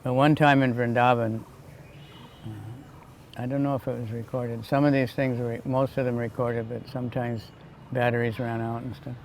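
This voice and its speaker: Flat-voiced older man reminiscing. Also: mid-range voice, normal speed, slight background noise. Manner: rambling, conversational storytelling. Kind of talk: personal reminiscence.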